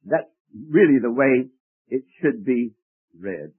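A man's voice: medium pitch, animated, slow pace, husky. A man preaching a sermon, teaching verse by verse and putting questions to his congregation. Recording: tinny phone-like old recording.

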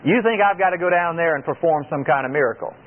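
A man delivers an earnest radio sermon, reading scripture and pressing his listeners with rhetorical questions. His voice sits a little high for a man. The sound is thin and narrow, like an old phone-line broadcast. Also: fast. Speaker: preacher.

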